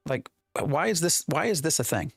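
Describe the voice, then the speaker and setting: A man's voice: a little high, sing-song, normal speed, creaky, slightly rough, no echo, studio quality. A man streaming a game live, rambling in an exasperated way and talking to his chat. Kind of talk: live gameplay commentary.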